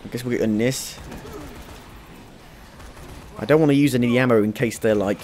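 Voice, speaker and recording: A man's voice: medium pitch, moderate pace, a little mellow, slight background noise. A young British man chatting through a video game, talking to the characters and yelping when things go wrong. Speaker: let's play gamer. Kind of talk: gameplay commentary.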